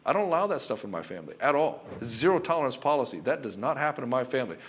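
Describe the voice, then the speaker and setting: A middle-aged man giving relationship advice as a coach, talking forcefully and emphatically and swearing freely. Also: mid-range voice, very animated, racing, slight background noise. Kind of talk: direct-to-camera advice monologue.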